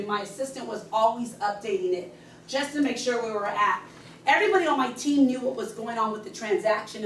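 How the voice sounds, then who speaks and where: A middle-aged woman, a real estate agent, giving a fast and excited training talk to her team at a meeting. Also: a little high, slight background noise. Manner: fast, excited, loud when passionate. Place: meeting room. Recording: echoey room, speaker far from the camera mic.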